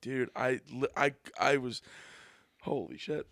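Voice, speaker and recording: Man, podcast host, hoarse voice, breathless from laughter, dry close mic. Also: mid-range voice, takes it slowly, a bit bright, dry recording. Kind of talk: casual chat.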